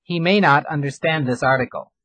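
A man reading example sentences for a recorded language course in a clear, measured way. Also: fairly high pitch, a bit bright, no room sound. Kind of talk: recorded pronunciation drill.

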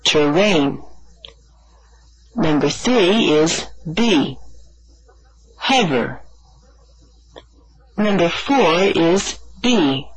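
Slow, husky-voiced woman teaching. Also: on the low side, low-quality recording. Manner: clear, deliberate, spells words out letter by letter. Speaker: language teacher on an audio course. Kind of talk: slow scripted classroom instruction.

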